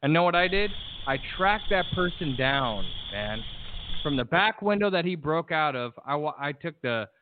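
A man's voice: a little high, lively intonation, normal speed, noisy background. A man talking bluntly and emphatically in a casual discussion, swearing freely. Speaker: podcast guest. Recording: tinny phone-like call audio, dry.

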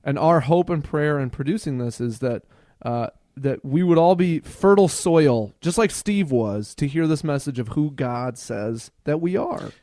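A young man in his twenties on a church podcast, chiming in with quick jokes. His voice sits a little higher than most men's. It comes across dry and close to the mic. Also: lively intonation, mellow, dry recording. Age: 20s. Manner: quick quips and agreeing interjections. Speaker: podcast co-host on church staff. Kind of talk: casual podcast chat.

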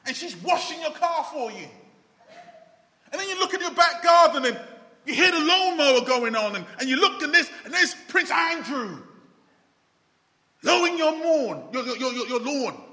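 High-voiced preacher in a reverberant hall. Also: male voice, sing-song, normal speed, pauses often. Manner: dramatic, sways between loud exclamations and hushed low asides. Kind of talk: sermon.

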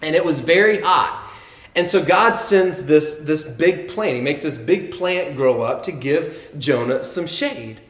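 A man's voice: fairly high pitch, expressive, a little slow, fairly bright tone, roomy sound. A man preaching a sermon earnestly, often repeating words as he builds his points and reading quotes with emphasis. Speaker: pastor.

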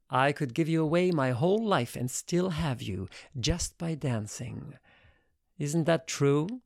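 An audiobook narrator reading literary prose in a measured, intimate, reflective manner. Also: medium pitch, creaky, a little mellow, no room sound, studio quality.

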